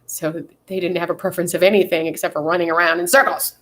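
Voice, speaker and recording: A woman's voice: lowish voice, little pitch movement, fast, fairly bright tone. A young adult woman vlogging in casual chat, rambling and swearing freely, with lots of fillers. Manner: rambling and profane, with frequent fillers.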